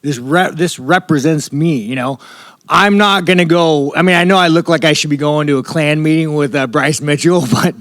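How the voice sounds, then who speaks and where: A man's voice: a little high, normal speed, a bit bright, no echo, clean studio sound. A man from the United States, a professional fighter at a press scrum, talking in a blunt, rambling, profane way. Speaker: professional fighter at media day.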